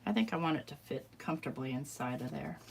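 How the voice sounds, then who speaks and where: Hoarse woman muttering while crafting. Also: low-pitched, animated, fast talker, slight background noise. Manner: chatty, muttering, self-deprecating. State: losing her voice. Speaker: crafting vlogger. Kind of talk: casual crafting commentary, talking to herself.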